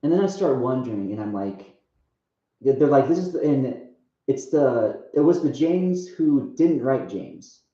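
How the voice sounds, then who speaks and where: A young man tells a rambling personal story, stopping and restarting and leaning on filler words. His voice is mellow and dark. It is heard in a very echoey room through a muffled, lo-fi recording. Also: mid-range voice, big pitch swings. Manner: halting, full of restarts and "like". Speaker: speaker sharing a testimony.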